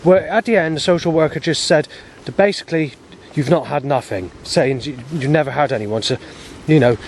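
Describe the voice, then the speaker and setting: A man's voice: on the high side, a little fast, a little mellow, slight background noise. A man, rambling in an aggrieved personal monologue, swearing often and restarting his sentences. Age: 40s. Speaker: vlogger.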